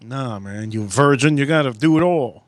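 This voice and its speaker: A man hosts a live cooking stream outdoors at a grill, talking casually and profanely with sudden loud exclamations. His medium-pitched voice has lively intonation at normal speed, and there's no echo.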